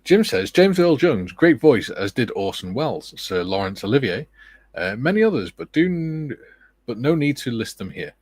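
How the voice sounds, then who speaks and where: A man with a British accent hosting a relaxed livestream, reading viewer comments aloud and chatting casually with joking asides. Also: medium pitch, normal speed, husky, dry recording. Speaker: livestream host.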